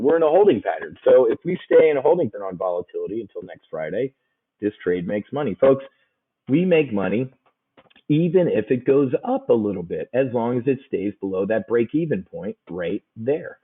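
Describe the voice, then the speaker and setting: A man's voice: mid-range voice, big pitch swings, fairly quick, slightly rough, narrow, tinny audio. A man giving a casual options trading lesson, folksy and joking, hammering points home with repetition.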